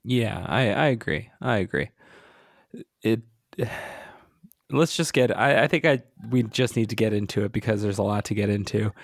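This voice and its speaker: A podcast co-host who is a little sick and congested, chatting casually with frequent restarts. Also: male voice, on the low side, moderate pace, creaky, no echo, studio quality. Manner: relaxed, hesitant, frequent restarts. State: congested, sniffly. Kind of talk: casual chat.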